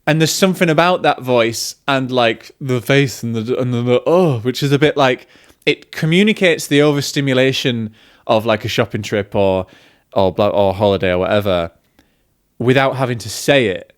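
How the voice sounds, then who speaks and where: A man's voice: mid-range voice, moderate pace, clean tone. A man, a film vlogger chatting casually and self-deprecatingly, drifting off on tangents. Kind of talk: casual chat.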